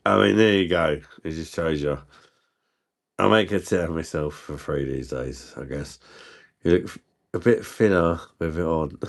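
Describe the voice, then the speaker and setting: Male livestream host, very low and gravelly, unhurried crude banter. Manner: crude, self-mocking banter with frequent laughter. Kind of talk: casual livestream chat.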